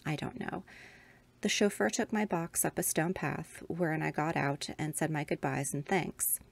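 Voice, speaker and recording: A podcast host reads a Victorian ghost story aloud, measured and expressive. Her voice is on the low side, with a gravelly texture.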